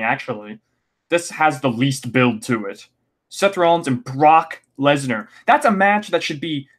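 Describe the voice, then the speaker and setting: Male podcast host, mid-pitch voice, casual and ranty, lots of ums and exasperated rhetorical questions. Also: a bit bright. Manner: ranting, exasperated, frequent "um" fillers and restarts.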